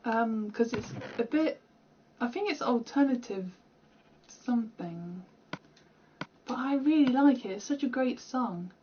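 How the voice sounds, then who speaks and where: A woman's voice: on the high side, animated, measured pace, dull audio, a little hiss or hum. A young British woman chatting casually and rambling while she plays a game, laughing at herself, recorded at home. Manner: rambling, chatty, self-deprecating. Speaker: gaming streamer.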